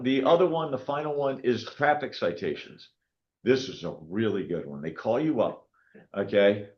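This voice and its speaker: A man in his sixties, a county clerk, telling stories to a meeting in an animated way and often checking in with "okay?". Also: lowish voice, muffled recording. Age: 60s. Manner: animated storytelling, frequent "okay?" check-ins. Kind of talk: public meeting talk.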